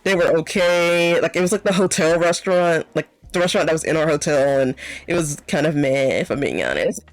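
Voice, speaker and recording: A young adult streamer talks straight into a close, dry mic, rambling with lots of fillers and quick giggles. The voice sits in the middle of the pitch range, and the recording has almost no room sound. The chat stays casual and loose throughout. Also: animated, no echo, poor audio. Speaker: VTuber streamer.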